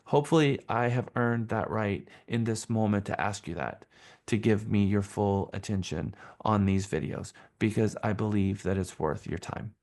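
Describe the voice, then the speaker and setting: A man's voice: on the low side, normal speed, darkish tone. A man leading a live sales training session, talking in an enthusiastic, emphatic way and repeating phrases for stress.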